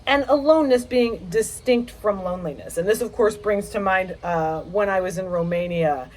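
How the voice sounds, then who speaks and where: A woman's voice: mid-range voice, normal speed, a little hiss or hum. Playful woman hosting a poetry vlog. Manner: playful, dramatic, lively delivery. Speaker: poetry channel host. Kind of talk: casual literary vlog with poem reading. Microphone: home setup mic.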